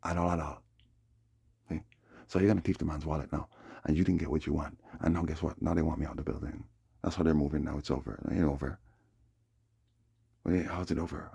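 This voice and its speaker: Husky gravelly man ranting. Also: a bass voice, dark tone, no echo, studio quality. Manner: agitated, repeats himself, acts out the other people's lines. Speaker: vlogger. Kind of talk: rambling monologue recounting a dispute.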